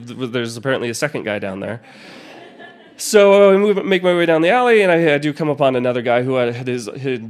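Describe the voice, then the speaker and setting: A man telling a personal story live, rambling and self-deprecating, with many restarts and asides. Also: on the high side.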